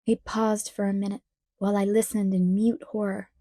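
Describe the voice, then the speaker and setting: In a studio-quality, dry recording, a female audiobook reader delivers scripted narration of a novel. Her mid-range voice stays measured and even throughout the storytelling.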